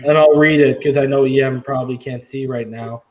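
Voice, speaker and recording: A man co-hosting a casual sports podcast, emphatic and slowing down to stress his points. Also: medium pitch, fairly even intonation, a little mellow, rough recording. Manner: emphatic, slows down to drive points home. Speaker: podcast co-host.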